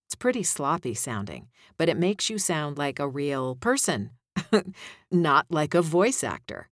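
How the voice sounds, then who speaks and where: Low-voiced woman coaching voiceover. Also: very animated, unhurried, no echo, clean studio sound. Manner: conversational, demonstrates line reads. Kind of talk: instructional voiceover tips.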